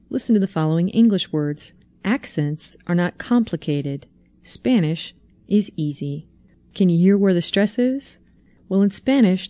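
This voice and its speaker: A woman reading a scripted language lesson in a slow, clear, deliberate teaching voice. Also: on the low side, warm tone, dry recording. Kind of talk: scripted instructional narration.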